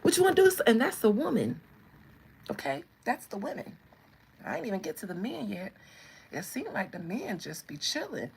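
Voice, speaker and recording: A woman's voice: mid-range voice, big pitch swings, normal speed, vocal fry, pauses often, a little hiss or hum, poor audio. A woman in her thirties with a Southern American accent, chatting to viewers in a sassy, teasing way. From Southern United States. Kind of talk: casual chat to viewers.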